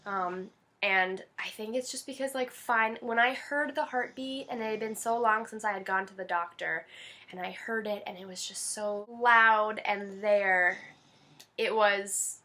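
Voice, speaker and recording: Bright-voiced emotional young woman vlogger. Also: medium pitch, fairly even intonation, a little slow. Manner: emotional, gushing, many fillers. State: teary-eyed. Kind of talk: casual chat to camera.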